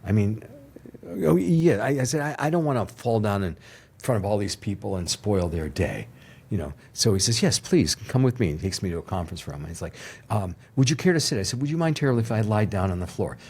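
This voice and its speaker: An older man, a television producer, telling an animated story in an interview, acting out voices and laughing as he goes. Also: on the low side, fairly quick, husky. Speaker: TV producer, podcast guest.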